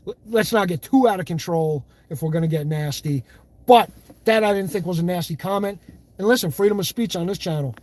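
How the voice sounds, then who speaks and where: A man's voice: sits high, fairly quick, a little mellow. A man hosting a livestream, reading viewer comments in blunt, profane, fiery casual talk. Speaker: livestream host.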